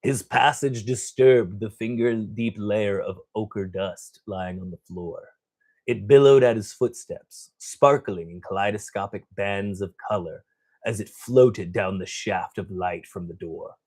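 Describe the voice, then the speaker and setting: A man's voice: lowish voice, measured pace, darkish tone. A man hosting a gaming channel, casually reading a novel aloud, stumbling over words and breaking off with joking asides.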